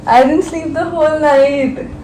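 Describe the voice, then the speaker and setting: A woman's voice: high-pitched, steady tone, unhurried, warm tone. A young woman, casually and animatedly telling a friend a story, laughing and slipping into Hindi. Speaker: vlogger. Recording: echoey room with faint ambient noise.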